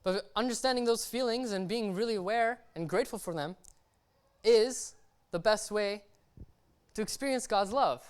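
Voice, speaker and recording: A young man preaching a laid-back sermon, his voice smooth and clear. He keeps checking in with his listeners and drops casual slang as he goes. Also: high voice, normal speed. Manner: chatty, keeps checking in with "right?" and "okay?"; slangy and relaxed. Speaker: lay preacher. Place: church service.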